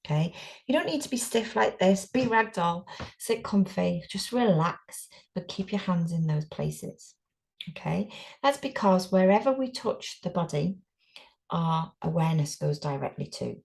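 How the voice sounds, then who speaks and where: Woman, gravelly voice, unhurried, guided breathing meditation, soothing instructions. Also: lowish voice, lively intonation. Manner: slow soothing instructions with frequent "okay"; drops to soft whispers at times. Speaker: breathing and healing teacher.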